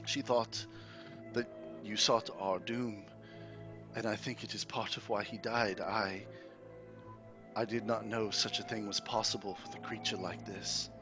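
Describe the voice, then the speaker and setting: Shaky halting young noble lady, guy doing her voice low, music in the back. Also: steady tone, dull audio, natural voice. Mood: hesitant. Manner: hesitant, halting speech. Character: young noblewoman, frightened and grieving. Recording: music playing underneath.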